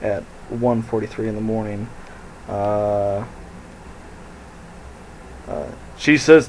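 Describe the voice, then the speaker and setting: A man's voice: lowish voice, steady tone, takes it slowly, pauses often, darkish tone, slight background noise, rough recording. A young man telling a rambling, profane story into his phone and laughing at his own jokes. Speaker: vlogger. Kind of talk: casual storytelling to camera.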